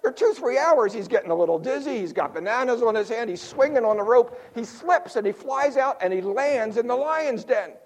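A male pastor from South Philadelphia, preaching a sermon with jokes and stories and throwing quick asides to the congregation. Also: extremely high pitch, a little hiss or hum. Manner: animated storyteller, quick asides to the crowd.

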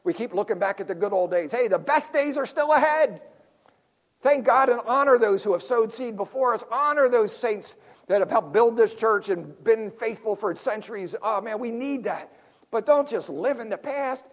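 Older pastor, high-pitched man, playful sermon style with quick jokes and hushed asides. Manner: lively, jokey preaching with sudden drops to quiet asides.

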